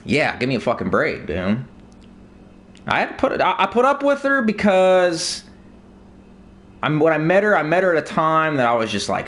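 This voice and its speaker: A man's voice: fairly high pitch, fairly bright tone. A man ranting to his viewers in casual, profane talk, telling stories with mocking impressions. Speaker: streamer. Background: video game music.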